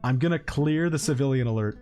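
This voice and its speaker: A man giving casual, wry commentary while he streams a colony game, scolding his characters out loud. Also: a little fast, faint music behind. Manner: wry, talks to his game characters, swings into high-pitched exasperated yelps.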